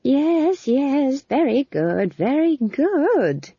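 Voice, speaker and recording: A woman's voice: high voice, sing-song, extremely slow, mellow, no room sound, dull audio, voice pushed up, heavily acted. Woman doing a coaxing old witch granny. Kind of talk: audiobook character voice.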